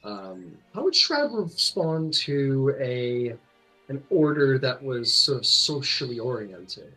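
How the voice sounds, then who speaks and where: A man's voice: mid-range voice, very animated, slow pace, sharp tone, soft background music, poor audio. A man narrating as game master, rambling with many fillers and restarts.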